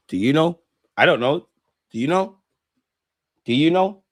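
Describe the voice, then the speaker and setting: A man's voice: a little high, expressive, normal speed. A young man hosting a live football watch-along, bantering with his chat in slang, swearing and laughing often.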